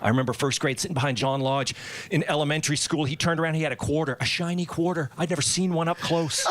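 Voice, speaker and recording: A man's voice: a little high, steady tone, fast talker, a bit bright, a little hiss or hum. A man in his fifties telling family stories in a stand-up comedy routine, punchy and acting out voices. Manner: storytelling, punchy, acts out voices.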